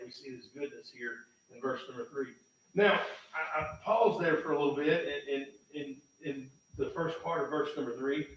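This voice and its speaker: A man preaching a sermon in a church, folksy and emphatic, swinging from loud bursts to low, quiet lines. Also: normal speed. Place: church sanctuary. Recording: echoey church from far off, faint noise.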